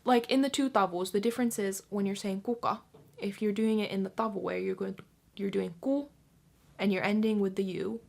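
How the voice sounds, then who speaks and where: A young woman giving a casual spoken lesson, chatty and repeating example words slowly and drawn out. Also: medium pitch, gravelly. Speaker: language teacher.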